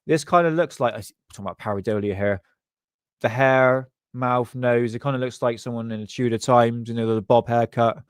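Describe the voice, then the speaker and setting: A man's voice: medium pitch, moderate pace, smooth, no room sound, studio quality. A man hosting a live stream from his desk, casually chatting, joking, rambling and laughing often.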